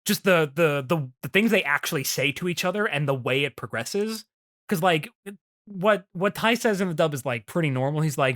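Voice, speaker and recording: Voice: mid-range voice, lively intonation, moderate pace, fairly bright tone. A young adult co-host talking casually and rambling about an anime episode, with many fillers and restarts. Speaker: podcast co-host.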